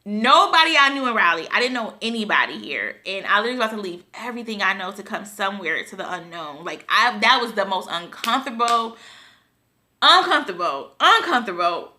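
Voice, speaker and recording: A woman's voice: medium pitch, animated, fast, hardly any pauses, pushed and bright. A young woman from Buffalo, New York, telling a casual storytime vlog to her viewers, chatty and emotional, often calling them y'all. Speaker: vlogger.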